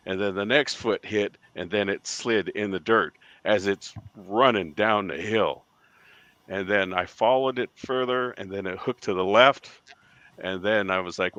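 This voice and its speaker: A man's voice: fairly low pitch, a bit bright, no room sound. A man from the United States, a guest in an interview, telling a long story and acting out the voices of people in it. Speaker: guest, Bigfoot witness.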